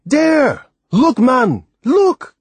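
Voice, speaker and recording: A man voicing an old sailor, gruff but protective, with loud, drawn-out dialect speech. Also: medium pitch, steady tone, no room sound, close to an everyday voice. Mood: excited.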